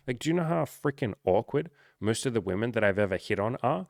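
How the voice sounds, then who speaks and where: A man's voice: medium pitch, expressive, fast talker, gravelly, few pauses, no room sound, clean studio sound. A man talking as a dating coach in casual, unscripted chat, blunt, swearing freely and poking fun at himself.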